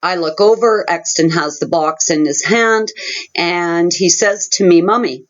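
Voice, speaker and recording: A woman's voice: lowish voice, a little slow. A woman hosting her own channel, telling a personal story in an earnest, dramatic way. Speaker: channel host. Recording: muffled lo-fi audio.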